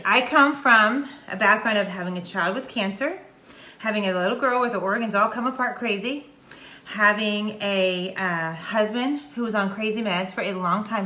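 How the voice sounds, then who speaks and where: A middle-aged woman with a Texan accent talking straight to camera in a casual, animated, preachy way. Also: medium pitch. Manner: animated, preachy, folksy with southern slang. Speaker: vlogger. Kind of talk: casual direct-to-camera talk. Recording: echoey room.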